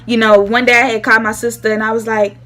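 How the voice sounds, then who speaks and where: A woman's voice: a little high, little pitch movement, fast, a bit bright. A young woman telling a casual storytime vlog, acting out the voices of the people she quotes. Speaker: vlogger.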